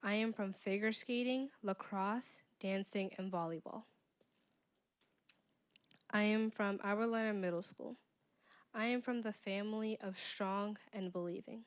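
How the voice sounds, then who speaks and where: A woman's voice: mid-range voice, steady tone, measured pace. A seventh-grade girl reads her own poem carefully at a school board meeting. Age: teens. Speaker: middle school student. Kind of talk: poetry reading.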